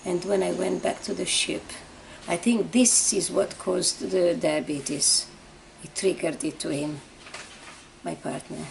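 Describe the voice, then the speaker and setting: An older woman from Egypt recounting her life in an interview, with halting, word-searching, emotionally intense storytelling. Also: on the low side, steady tone, gravelly, a little hiss or hum.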